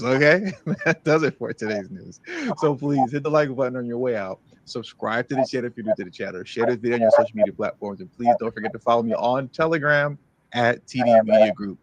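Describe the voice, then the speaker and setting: A man's voice: mid-range voice, a little mellow. A man hosting a news commentary show, ranting heatedly and repeating himself for emphasis. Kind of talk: emotional commentary over played clips.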